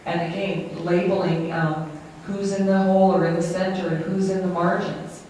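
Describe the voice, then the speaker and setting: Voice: mid-range voice, little pitch movement, darkish tone. Echoey, distant voice of an interpreter. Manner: halting, self-correcting delivery. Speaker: sign language interpreter. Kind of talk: live spoken interpretation of a lecture. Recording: very echoey room, distant mic, faint noise.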